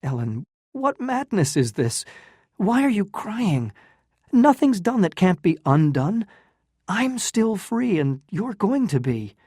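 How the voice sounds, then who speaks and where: Storybook lover, read by the narrator as an earnest, torn young man; slow, mellow delivery. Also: mid-range voice, lively intonation, no echo, studio quality. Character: young gentleman, torn and impassioned.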